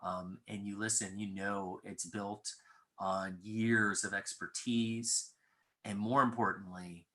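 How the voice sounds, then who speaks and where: A man, a college president, giving an earnest, measured tribute speech to a retiring colleague. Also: fairly low pitch, flat delivery, bright, forceful tone. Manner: earnest, measured, with frequent fillers.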